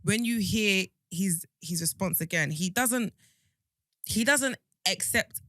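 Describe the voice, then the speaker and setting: A woman's voice: mid-range voice, slow, a bit bright, no echo, studio quality. A woman, co-hosting a podcast in casual chat, talking emphatically with many restarts. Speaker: podcast co-host.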